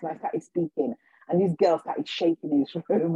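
A woman, a guest on a podcast, telling her personal story in an animated way and acting out what people said to her. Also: fairly low pitch, fairly quick, breathy edge, no room sound, muffled recording. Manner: animated, acts out quoted dialogue. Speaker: guest, healer and intuitive.

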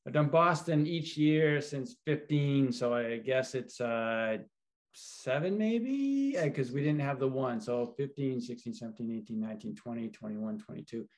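A man who is a guest triathlete, giving relaxed short answers in a casual interview. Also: medium pitch, moderate pace.

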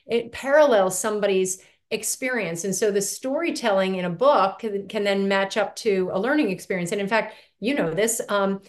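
A woman's voice: medium pitch, moderate pace, few pauses. Middle-aged woman telling her story. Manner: lively storytelling, self-deprecating, laughs often. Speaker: author and poet, interview guest. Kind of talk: conversational interview.

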